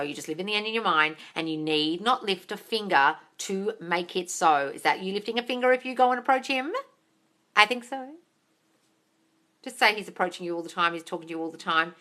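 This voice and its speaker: A manifestation coach and live-stream host runs a live Q&A, reading viewer comments aloud and responding with gushing, excitable energy. Her voice sits fairly low yet comes across bright and forceful. She swears casually and calls everyone darling.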